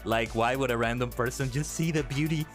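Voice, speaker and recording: A man streaming and chatting casually, animated and exclaiming, often correcting himself mid-sentence. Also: mid-range voice, brisk, soft background music. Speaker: VTuber streamer. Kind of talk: casual stream chat and reactions.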